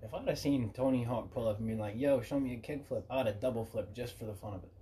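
Mellow-voiced man hosting a casual podcast. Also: medium pitch, fast talker, a little hiss or hum. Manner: animated, profane storytelling. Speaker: podcast host.

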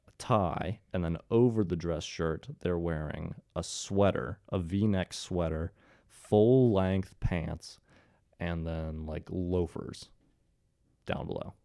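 His low, dark voice sits in a dry, studio-quality recording. The speaker is a twenty-something commentary host from Ohio, USA, casually telling viewers a story and dropping in jokey sarcasm.

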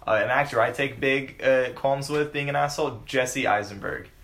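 A man's voice: mid-range voice, moderate pace, fairly bright tone. A young man in casual podcast banter, cracking crude jokes and swearing. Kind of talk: casual group chat.

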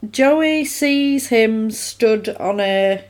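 A woman, recapping a film in casual chat and acting out the characters' lines. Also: a little high. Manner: animated, acts out characters' lines in quick quotes. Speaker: film podcast co-host.

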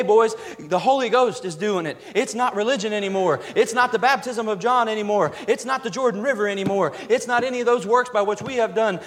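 A man with a high voice preaches a sermon to his congregation, hammering his points by repeating them. His voice rings out with a long reverb, filling the church sanctuary. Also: fairly bright tone. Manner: emphatic preaching, repeats phrases for effect. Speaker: pastor.

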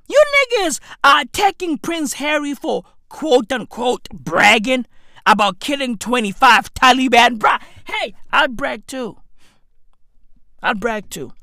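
A woman's voice: fairly high pitch, fairly bright tone, no room sound. A woman delivering a profane, incredulous comedic rant, piling on exclamations and repeated interjections. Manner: repetitive, stacks interjections.

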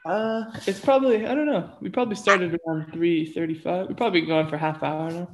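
A woman chatting as a podcast guest over a Zoom call, hesitant and laughing often, sounding out words slowly. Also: on the low side, background noise. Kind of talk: casual chat.

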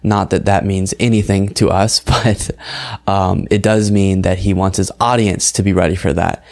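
A man's voice: low voice, fairly even intonation, normal speed, gravelly. A young man hosting his own online political commentary show, talking casually and sounding incredulous, with frequent fillers. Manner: conversational, incredulous, with fillers and laughs.

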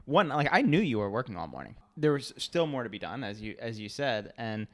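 Young male co-host, casual chat, calm and methodical, laughs easily. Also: medium pitch. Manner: measured, laughs often, lays out points. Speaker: podcast co-host.

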